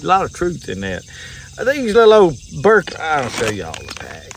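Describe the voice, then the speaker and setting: Insects and crickets fill the background as this Southern US man chats from a kayak on a pond in a casual outdoor talk to camera. The fishing vlogger's voice is on the high side with huge pitch swings at normal speed, and he rambles folksily, chuckling, over slight background noise.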